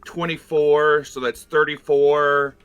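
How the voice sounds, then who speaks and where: A man playing in a tabletop role-playing game, calmly tallying his attacks and damage. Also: fairly high pitch, slow, clean tone. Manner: steady, tallies numbers out loud. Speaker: player. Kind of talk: casual tabletop game play.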